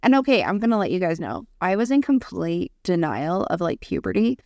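A woman in her thirties co-hosting a podcast, telling a frank story in casual chat. Her pitch swings widely as she talks and she swears without a second thought. The sound is close and dry. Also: sing-song, brisk, darkish tone, no echo. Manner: candid, swears freely, acts out voices in anecdotes. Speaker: podcast co-host.

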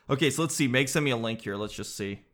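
A man's voice: medium pitch, fairly bright tone. A man who hosts a podcast and does stand-up comedy. He talks in a casual, rambling, joking way and swears now and then. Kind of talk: casual solo podcast chat.

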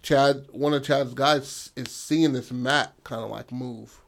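A young man co-hosting, pitching movie plot ideas in casual, crude chat and often asking his partner for agreement. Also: steady tone, slow, gravelly. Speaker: co-host brainstorming a story.

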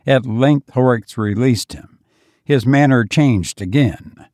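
A man giving measured, deliberate scripted audiobook narration on a close studio mic. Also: mid-range voice, darkish tone, dry recording.

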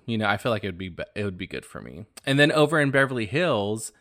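A man hosting his own podcast, talking in a casual, animated and gossipy way, often exclaiming. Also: lowish voice, fast talker. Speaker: podcast host.

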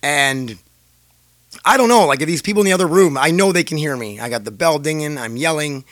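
A man's voice: a little high, lively intonation, brisk, fairly bright tone, no echo. A man casually telling viewers a rambling, profane story, laughing often, his throat a little scratchy.

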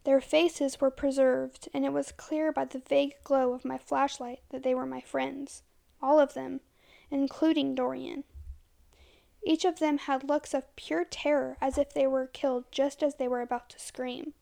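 A woman reading a first-person horror story as scripted narration, dramatic and slowing to a hush at tense moments. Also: high-pitched, flat delivery, gravelly.

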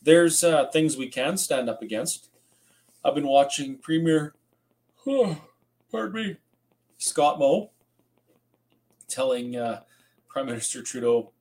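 A man's voice: mid-range voice, lively intonation, slow, long pauses, darkish tone, low-quality recording. Tired man on a late livestream. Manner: rambling, conversational, reads out viewer comments. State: tired, yawning. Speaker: host. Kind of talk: casual late-night livestream talk.

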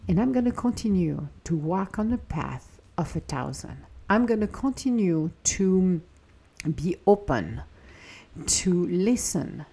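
A woman talks through a reflective spiritual podcast in an earnest, encouraging way. Her voice is husky and mellow. Now and then she acts out a fretting inner voice before calming it again. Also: fairly low pitch, takes it slowly. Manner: earnest, encouraging, slips into acted inner-voice quotes. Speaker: podcast host.

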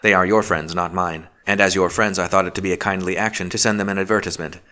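A man reading the part of a passionate older magistrate who speaks harshly and forcefully. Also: deep voice, fairly even intonation, quick pace. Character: passionate older male magistrate, gruff and stern.

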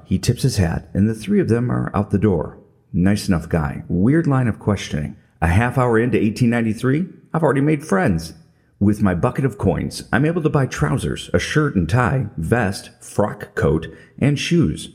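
A man's voice: on the low side, very animated, normal speed, creaky, a little mellow. A middle-aged man telling a scripted comedic story in a wry, self-mocking way. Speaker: podcast narrator.

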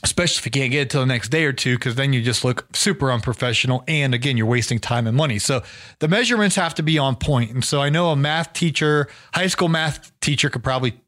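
A man's voice: medium pitch, fast talker, fairly bright tone. A man hosting a podcast, telling a story casually with many fillers and restarts, his voice a little worn. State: losing his voice. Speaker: podcast host.

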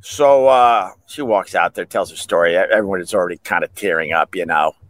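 A man's voice: low-pitched, a little fast, fairly bright tone, no room sound. A middle-aged man hosting a podcast, telling stories in a rambling, joking, casual way. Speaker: podcast host. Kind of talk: casual solo chat.

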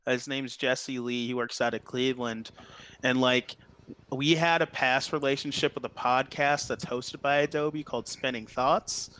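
A man in a band telling stories in a casual interview, excitable and full of "like" fillers. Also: medium pitch, a little slow, smooth, rough recording. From Ohio. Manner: excitable storyteller, heavy "like" filler, acts out quotes. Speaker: band member guest.

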